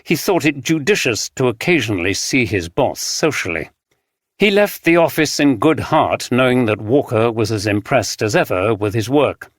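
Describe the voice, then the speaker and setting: A man reads a mystery audiobook in a measured, even way. His voice sits at medium pitch, and the studio sound is dry and close, with no room echo. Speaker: audiobook narrator. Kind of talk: scripted narration.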